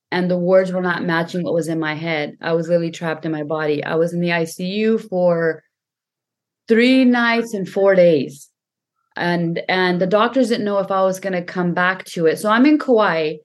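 Woman guest, earnest storyteller, repeats for emphasis, mid-pitched voice. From Punjabi family. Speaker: podcast guest, healer. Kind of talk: casual conversation.

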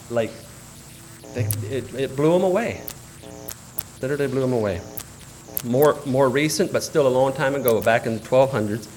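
A man preaching a sermon in a conversational way, with fillers and questions to the audience, swinging from loud exclamations to quiet asides. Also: mid-range voice. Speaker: pastor.

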